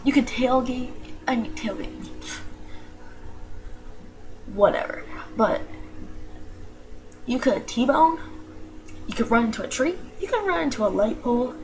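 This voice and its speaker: A young woman with a slight New York accent, ranting in a casual vlog, slangy and animated with lots of "like". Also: on the high side, measured pace, long pauses, a little hiss or hum, rough recording. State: allergies, tired.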